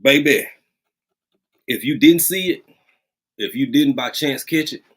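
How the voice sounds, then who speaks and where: Animated man hosting a livestream. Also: mid-range voice, unhurried. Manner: animated, greets viewers by name, drawls and repeats phrases. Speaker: livestream host. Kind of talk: casual livestream chat with viewers. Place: rural home.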